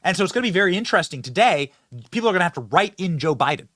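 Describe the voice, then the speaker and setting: A man hosting political commentary, mocking and sarcastic, swinging between loud outbursts and low asides. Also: expressive, rapid-fire, no room sound, clean studio sound.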